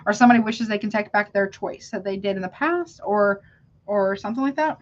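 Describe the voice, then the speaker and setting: A woman's voice: mid-range voice, fairly quick, highs cut off. A woman giving a live tarot reading, talking casually to her viewers and calling them honey. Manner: chatty, calls viewers honey, self-interrupting. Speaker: tarot reader.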